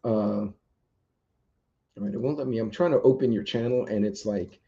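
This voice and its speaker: A man's voice: mid-range voice, normal speed, warm tone. A man hosting a casual live stream, chatting loosely with viewers and reading their comments, rambling with lots of ums. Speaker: livestream host. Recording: dull lo-fi stream audio.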